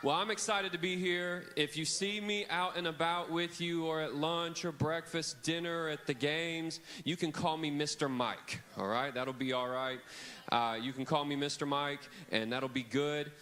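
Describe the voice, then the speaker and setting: A man's voice: on the high side, fairly even intonation, normal speed, hardly any pauses, bright, forceful tone. A man, giving a playful, teasing kids camp sermon from a church stage. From Louisiana. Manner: playful, teasing, chatty with children. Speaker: camp speaker.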